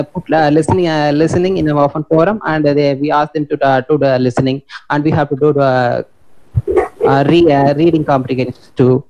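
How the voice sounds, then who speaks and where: A college teacher, giving a webinar talk in a halting way with many fillers and restarts. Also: male voice, a little high, a little mellow, lo-fi sound. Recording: noisy online call audio.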